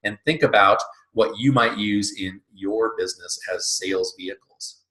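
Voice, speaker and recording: A man's voice: fairly low pitch, normal speed, pushed and bright. A man teaching an online business lesson in a casual, chatty way, full of fillers and restarts. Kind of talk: recorded lesson. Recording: roomy echo.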